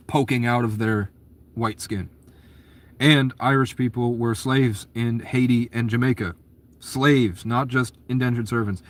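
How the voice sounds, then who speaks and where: Guy going off on a profane rambling rant, mid pitched voice, jumps topic to topic, talks in quick bursts. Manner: profane, conspiratorial rant, jumps between ideas. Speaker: documentary subject. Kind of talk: rambling monologue.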